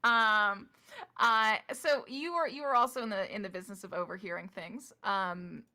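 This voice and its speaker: A woman's voice: mid-range voice, moderate pace, sharp tone. A young adult woman narrating as game master in a chatty, affectionate way, with frequent ums.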